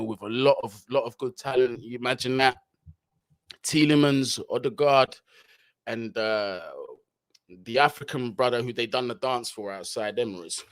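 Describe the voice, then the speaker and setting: A man's voice: medium pitch, a bit bright, no room sound. A man hosting a casual fan livestream, chatting in slang and reading out viewer comments.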